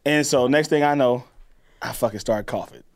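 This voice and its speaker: A man's voice: medium pitch, normal speed, creaky. A young man co-hosting a podcast, telling a funny story in casual chat, acting out voices and laughing often. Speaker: podcast co-host.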